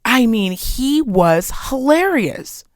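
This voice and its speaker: A woman's voice: fairly high pitch, very animated, slow, dry recording, clean studio sound. A woman co-hosting a podcast, telling stories in a casual, chatty way and swearing freely. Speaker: podcast co-host. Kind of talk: casual chat.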